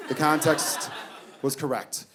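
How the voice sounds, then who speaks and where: On a comedy stage before a laughing audience, a stand-up comedian in his thirties tells animated stories about his kids, swearing plenty and acting out their dialogue. His voice is a little high, his pace slow, and the background is noisy.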